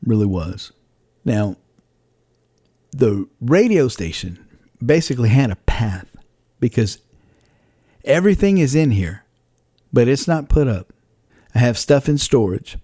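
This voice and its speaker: A man's voice: mid-range voice, dark tone, no echo, clean studio sound. A man hosting a podcast, talking through his thoughts in a rambling, reflective way with frequent restarts. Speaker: podcast host. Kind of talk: casual faith-based podcast monologue.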